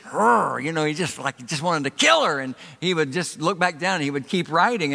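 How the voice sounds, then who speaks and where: A man's voice: high voice, bright, forceful tone. Emphatic preacher man in a reverberant hall. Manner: emphatic preaching, swelling and dropping for effect. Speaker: pastor. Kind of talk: sermon. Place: church hall.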